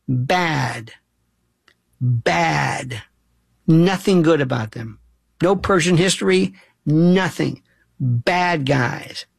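A man's voice: sits high, creaky, breathy edge, no echo. A man hosting a talk show, delivering a rambling, emphatic monologue with frequent restarts. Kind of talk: casual monologue.

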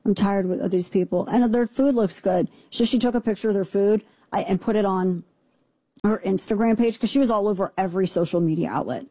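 Sarcastic talk radio woman, dark tone. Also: medium pitch, no room sound. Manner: fast, sarcastic, indignant ranting. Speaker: radio talk show host. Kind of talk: opinionated talk radio monologue. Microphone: studio microphone.

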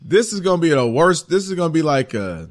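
A man hosting a sports radio show, talking in an animated, sing-song way and laughing often. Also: on the high side, a little fast. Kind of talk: casual sports talk. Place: radio studio.

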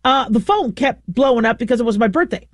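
A middle-aged woman host telling a long, rambling story in a casual, animated way, often stopping to correct herself. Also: a little high, fast talker, dry recording. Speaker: show host.

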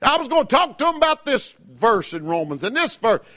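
Impassioned Southern preacher, high voice. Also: male voice, very animated, a little fast. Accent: Southern American. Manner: impassioned, rising to shouts, acting out listeners' objections. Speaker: pastor. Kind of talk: radio sermon.

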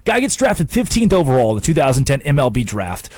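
A man's voice: mid-range voice, very animated, quick pace, a little mellow, dry recording. A man hosting a sports radio show, delivering an emphatic, sarcastic monologue at a studio microphone.

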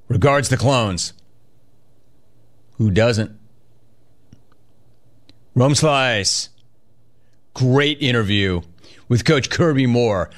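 A man hosts a casual sports talk radio show. He is energetic and chatty and talks in quick bursts. His pitch sits in the middle of the male range. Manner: energetic, fast bursts, reads listener chat aloud.

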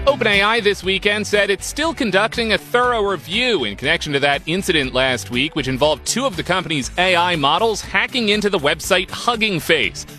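Radio news man, animated, crisp scripted read, music bed behind. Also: on the high side. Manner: crisp newsreader delivery. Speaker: news anchor.

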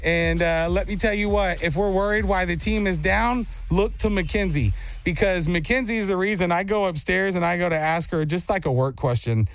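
A high-voiced man holds the floor in easy banter, spinning an animated story and breaking into laughs. His voice sits close and dry on the mic. Soft music runs faintly underneath. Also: normal speed, hardly any pauses, dry recording. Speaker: radio show host. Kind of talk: casual banter with co-hosts.

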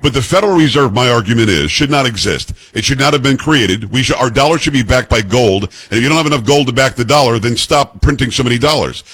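A husky-voiced man hosts call-in radio from a dry, close studio. He is emphatic and opinionated, pressing his own views hard on his callers. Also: mid-range voice, lively intonation, quick pace, few pauses, fairly bright tone, dry recording. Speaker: radio talk show host.

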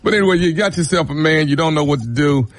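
A man's voice: fairly high pitch, fast talker. A man co-hosting a radio advice show, talking loosely with a lot of laughing and restarts. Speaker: radio co-host. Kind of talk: casual advice chat.

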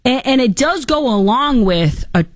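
A woman's voice: sits high, normal speed, no room sound, clean studio sound. Sarcastic woman commenting on politics. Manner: sarcastic, mocking, animated.

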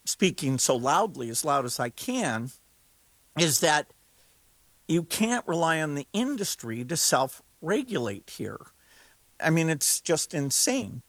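A man's voice: fairly high pitch, a bit bright, no room sound. A man speaking as a guest in an interview, urgent and emphatic, sometimes incredulous. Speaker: guest expert on AI risk. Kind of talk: interview conversation.

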